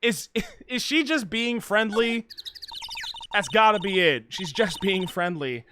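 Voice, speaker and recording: A man's voice: high-pitched, lively intonation, slow pace, pushed and bright, a little hiss or hum. A man streaming a game, reading the lines in a dry, sarcastic way. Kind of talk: reading game dialogue aloud.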